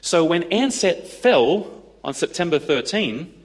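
A man telling a story to an audience, acting out the dialogue in an animated way. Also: on the high side, a little slow, slightly rough. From Australia. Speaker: speaker addressing an audience. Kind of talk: storytelling talk.

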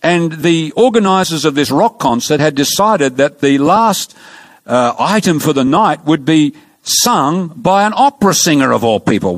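A male preacher in a church service, telling stories and acting out the dialogue. His voice sits a little high and swings widely in pitch. The recording is dry and close. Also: no echo. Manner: animated storytelling with acted-out dialogue. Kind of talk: sermon.

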